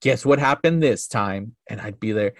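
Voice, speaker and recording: A man's voice: lowish voice, animated, normal speed, no room sound, clean studio sound. A man in his thirties, a podcast guest telling a story casually in a rambling, profane way full of filler words.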